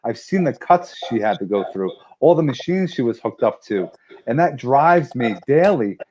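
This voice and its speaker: A male guest speaks candidly about his family in a reflective way. His voice sits at a middling pitch. The audio is dull and lo-fi, with faint background noise. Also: animated, normal speed, darkish tone. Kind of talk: personal conversation.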